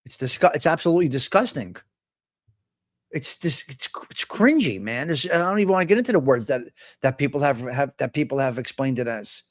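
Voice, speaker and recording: A man's voice: mid-range voice, brisk. A man hosting a live stream, ranting in casual, profane chatter. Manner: profane, excitable rants. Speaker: host.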